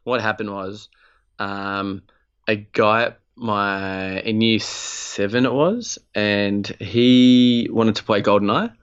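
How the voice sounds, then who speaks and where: A man's voice: lowish voice, slow, smooth, highs cut off. Swearing young Australian man telling a story. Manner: animated, swears freely, acts out voices in anecdotes. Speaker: podcast co-host. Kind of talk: casual storytelling chat.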